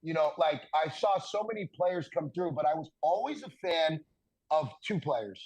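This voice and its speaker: Animated man telling a locker-room story. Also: a little high, normal speed, low-quality recording. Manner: animated, laughs through punchlines. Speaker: podcast guest, former hockey defenseman. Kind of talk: casual storytelling.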